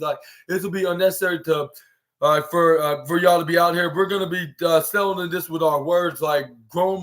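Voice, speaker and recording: A man's voice: on the high side, a bit bright. Rambling man recapping in casual chat. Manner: rambling, heavy use of filler words, retells scenes in paraphrased quotes. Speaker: podcast host.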